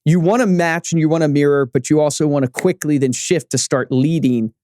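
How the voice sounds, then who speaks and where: A man's voice: a little high, a little fast, a little mellow, no echo. Eager man hosting a podcast, dry sound. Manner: enthusiastic, eager questioner. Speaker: podcast co-host. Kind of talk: casual interview talk.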